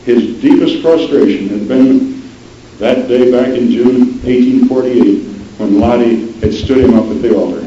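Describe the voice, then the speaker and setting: A man telling a dramatic historical story in a measured way, often dropping low and soft for emphasis. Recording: roomy, dull lo-fi sound with faint noise.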